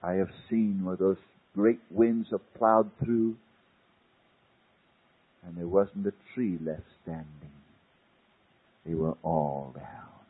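Husky man preaching over a tinny line. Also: low voice. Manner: dramatic swings from loud to hushed. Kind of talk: sermon. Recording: tinny phone-like old sermon tape.

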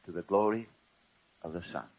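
A man preaching a sermon slowly and emphatically. He asks rhetorical questions and often drops to a hush. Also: sits low, husky. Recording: dull lo-fi recording.

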